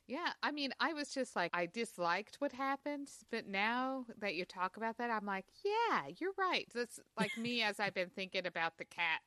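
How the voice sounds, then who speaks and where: A woman's voice: fairly high pitch, normal speed, few pauses, bright, forceful tone, smooth, no room sound. A woman co-hosting a podcast, chatting casually about a movie and agreeing with short reactions. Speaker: podcast co-host. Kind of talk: casual movie review chat.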